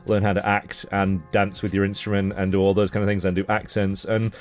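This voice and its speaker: Man, very low voice, earnest director guest, faint music bed. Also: completely flat delivery. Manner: earnest, full of praise, halting. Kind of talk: casual interview chat.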